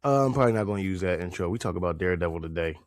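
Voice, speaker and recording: A man's voice: sits low, expressive, racing, no room sound, studio quality. A man hosting a podcast in casual chat, slangy and laid-back, swearing and laughing as he talks. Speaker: podcast host.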